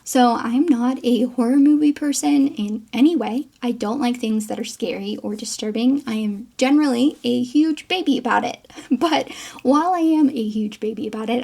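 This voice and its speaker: A woman hosts her own film commentary channel, chatting with playful asides and small laughs. Her voice sits a little high but keeps dropping into gravelly vocal fry. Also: normal speed, warm tone. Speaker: geographer and film commentary host. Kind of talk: casual film commentary to camera.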